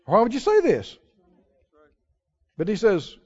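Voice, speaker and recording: A man preaching a sermon as a pastor, animated, laughing often and calling out to the congregation. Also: high voice, slow pace, highs cut off.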